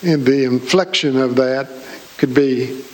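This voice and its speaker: A man's voice: mid-range voice, measured pace, low-quality recording. A man preaching a sermon in church, folksy and joking with his congregation. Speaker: pastor.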